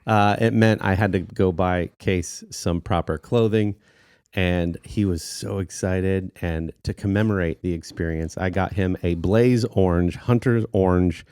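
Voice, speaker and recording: A man in his thirties tells a story with a low, deep voice in casual podcast chat. He is animated and laughs often. The sound is dry and close. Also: unhurried, clean tone, no echo. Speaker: podcast co-host.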